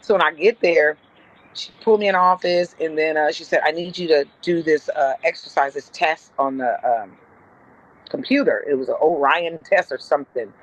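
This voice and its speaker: A woman's voice: moderate pace, dull audio. A woman from Compton, California, a comedian telling blunt, profane stories as a podcast guest. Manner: blunt, profane, jumps high and loud when acting out quotes. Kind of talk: casual storytelling on a podcast.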